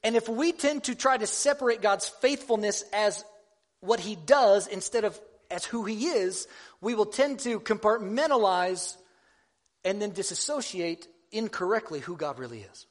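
A man delivers a sermon in a high, light voice. He talks like he's chatting with friends, pokes fun at himself, and often stops to restart a thought. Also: animated. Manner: conversational, self-deprecating, halting restarts. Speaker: preacher.

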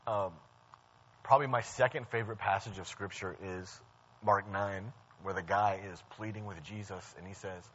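A man's voice: fairly low pitch, fairly even intonation, moderate pace, fairly bright tone, a little hiss or hum. A young man preaching a sermon in a conversational storytelling way, often restarting his sentences. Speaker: church staff preacher. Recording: dull lo-fi sound.

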